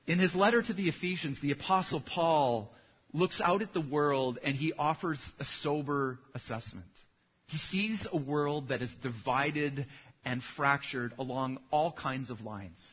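A man's voice: a little high, lively intonation, a little slow, breathy edge, muffled recording. A man who is a pastor, preaching a sermon and telling a story with acted punchlines.

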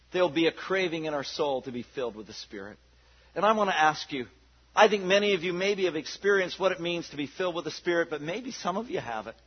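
A man preaching a sermon with passion, dropping to a hush and then rising to loud declarations. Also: sits high, husky, highs cut off. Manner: impassioned preaching, swinging from hushed to loud. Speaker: pastor.

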